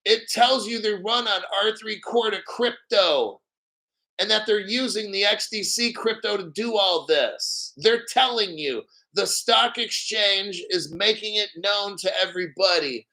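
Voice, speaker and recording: Hyped up cursing crypto guy on a livestream, high bright voice, keeps clearing his throat. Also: a little slow, rough recording. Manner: excitable, profane, hyped. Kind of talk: live-stream commentary.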